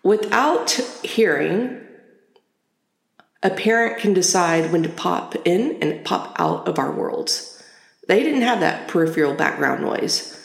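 Middle-aged woman, low-voiced podcast storyteller. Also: takes it slowly, vocal fry. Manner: conversational, reflective and animated when retelling. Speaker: podcast host. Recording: roomy echo.

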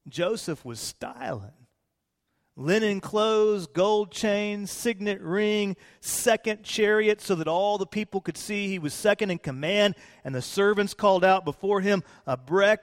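Pastor preaching in an echoing hall. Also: male voice, high-pitched. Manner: animated retelling with playful asides. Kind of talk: sermon.

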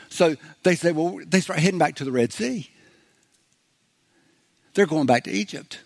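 A man's voice: on the high side, animated, normal speed, creaky, pauses often, darkish tone. A man preaching a sermon in a loose, conversational way, acting out biblical voices with humor and many restarts. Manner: frequent fillers and restarts. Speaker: pastor.

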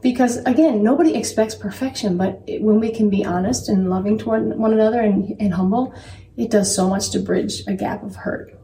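A mother telling candid stories about parenting in an earnest, animated way as a guest. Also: mid-range voice, fairly quick, far from the mic, a little hiss or hum. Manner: earnest, animated, quotes herself. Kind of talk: candid conversational storytelling. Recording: echoey room, voice from off-mic.

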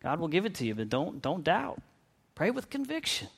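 A man delivers a relaxed, conversational sermon. His voice sits slightly high for a man. He stumbles and restarts phrases and briefly acts out the people in the stories. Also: normal speed, gravelly, breathy edge. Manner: conversational, with frequent restarts and acted-out quotes. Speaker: preacher.

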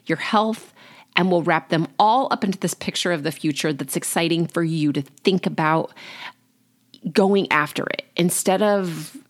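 Low-voiced woman coaching, conversational. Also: normal speed. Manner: encouraging, conversational, with casual fillers. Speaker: life coach. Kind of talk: solo podcast monologue.

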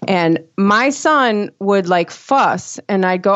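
A woman's voice: lowish voice, lively intonation, moderate pace, hardly any pauses, no room sound, highs cut off. A woman, a mother of two, talking in a casual podcast conversation, rambling with lots of fillers and restarts. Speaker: mother of two sharing parenting experience.

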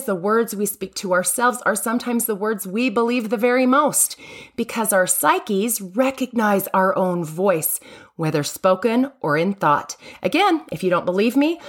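A woman's voice: medium pitch, animated, moderate pace. A woman hosting a devotional podcast, speaking earnestly and lingering on key phrases for emphasis. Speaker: podcast host.

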